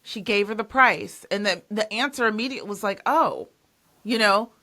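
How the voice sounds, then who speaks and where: Podcast host, woman. Bright, forceful tone, emphatic and conversational. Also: mid-range voice, a little fast. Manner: emphatic, repeats herself when stressing a point. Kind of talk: casual interview chat.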